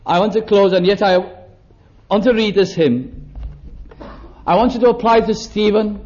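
A man's voice: sits high, normal speed, darkish tone, a little hiss or hum. A man preaching a sermon, dramatic and emphatic, acting out the voices he quotes. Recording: dull lo-fi recording.

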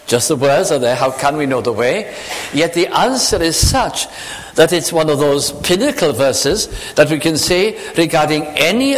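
Male preacher with a lively, swooping delivery. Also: a little high. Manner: dramatic swings between hushed and raised delivery. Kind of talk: sermon. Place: church. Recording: echoey hall with long reverb.

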